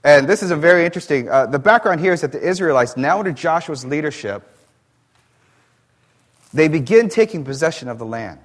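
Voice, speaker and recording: A man preaching a sermon. He reads scripture slowly and then explains it in plain, conversational asides. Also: a little high, animated.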